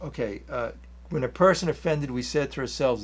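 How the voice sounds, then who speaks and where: A man's voice: medium pitch, moderate pace. A man giving an earnest, rambling spiritual talk on a 12-step program, reading passages from a book and restarting his sentences often. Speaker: 12-step speaker.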